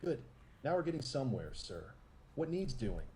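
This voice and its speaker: A synthetic male voice playing a dry-witted robot assistant, deadpan and terse. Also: mid-range voice, normal speed, slight background noise, lightly acted. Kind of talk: text-to-speech robot voice.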